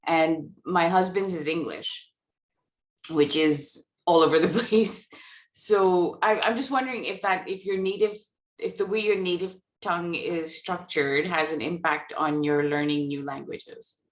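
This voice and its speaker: Woman, Hindi first language, course participant, curious halting question, lowish voice, echoey. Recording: roomy echo.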